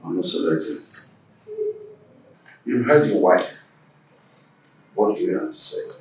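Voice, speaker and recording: A slow, questioning village elder. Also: male voice, sits low, animated, full character voice. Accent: Nigerian. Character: village elder mediating a dispute. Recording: echoey room, distant mic, faint noise.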